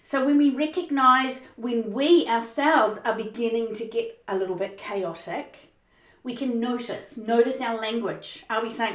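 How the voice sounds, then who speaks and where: A woman leadership coach giving a motivational teaching talk, emphatic and expressive, speeding up and slowing down for effect. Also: a little high. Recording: roomy sound, mic at a distance.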